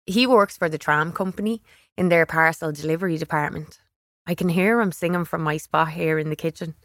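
A woman reading a first-person children's story aloud in a wry, expressive way on a close studio mic. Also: low-pitched, brisk, no room sound. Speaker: audiobook reader.

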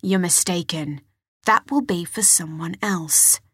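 A weary middle-aged father brushes off every question in a low, curt, tired voice, as a woman reads him. The voice is breathy and close, in a dry room with no echo. It is an audiobook role. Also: measured pace. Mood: dismissive.

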